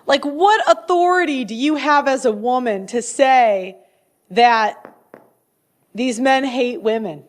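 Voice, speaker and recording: A woman's voice: sits high, takes it slowly. A young adult woman hosting her own show, giving blunt opinionated commentary in a casual way, often laughing and restarting her sentences. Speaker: host.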